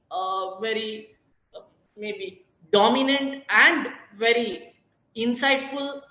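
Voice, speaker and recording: A woman giving an online academic lecture, talking deliberately with pauses and "uh" fillers. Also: on the high side, fairly bright tone. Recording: echoey, muffled online call audio.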